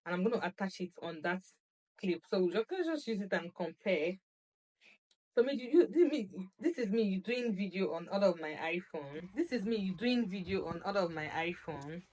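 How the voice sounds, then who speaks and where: This is a young woman chatting in a casual vlog about a phone. She gets excited and laughs a lot, and she tends to repeat her phrases. She records herself on the phone's camera. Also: on the low side, moderate pace. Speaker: lifestyle vlogger.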